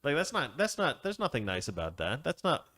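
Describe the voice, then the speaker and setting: A man hosts an opinion commentary with a sarcastic, rambling delivery, stopping often to laugh. His voice sits at an ordinary middle pitch. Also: huge pitch swings, a little fast, sharp tone. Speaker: commentary host.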